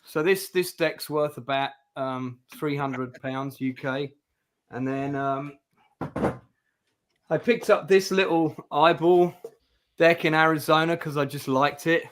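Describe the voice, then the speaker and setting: A man's voice: fairly high pitch, slow pace. A middle-aged man, hosting a casual live-streamed chat, talking in a rambling, hesitant way with many ums. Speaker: host. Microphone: video call.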